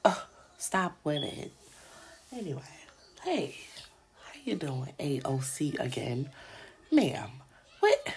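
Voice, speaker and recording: Low, slow-talking woman with a gravelly voice. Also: low-quality recording. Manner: laughs often, talks to listeners as y'all. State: sore throat. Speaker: podcast host. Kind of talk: casual solo podcast commentary.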